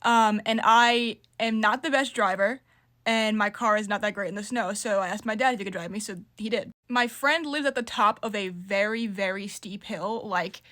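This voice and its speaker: A woman's voice: medium pitch, normal speed, sharp tone. A young woman telling a story casually to camera, rambling with lots of fillers. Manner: rambling, filler-heavy retelling.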